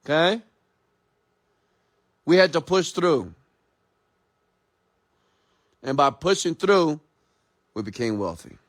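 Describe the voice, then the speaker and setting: A man's voice: on the high side, sing-song, takes it slowly, pauses often. A man who is an entrepreneur and mentor, delivering a blunt, profane, confrontational late-night motivational rant.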